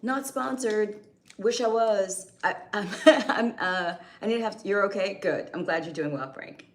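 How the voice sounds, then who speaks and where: A woman's voice: mid-range voice, measured pace. A young adult woman hosting a casual live stream, chatting with viewers by name, her voice slightly strained and going. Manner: chatty, greets viewers by name, restarts sentences. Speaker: livestream host.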